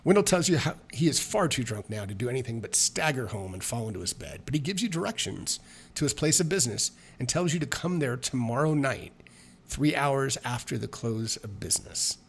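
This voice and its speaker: A man's voice: medium pitch, animated, a little fast, slight background noise. A man reading a solo tabletop adventure aloud, with chatty, self-mocking asides between passages. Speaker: solo tabletop game player and narrator.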